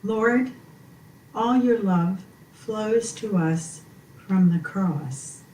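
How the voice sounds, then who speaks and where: Slow, mellow woman praying, distant echo. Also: mid-range voice. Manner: slow, soothing and prayerful. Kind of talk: spoken prayer. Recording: echoey room from far off, faint noise.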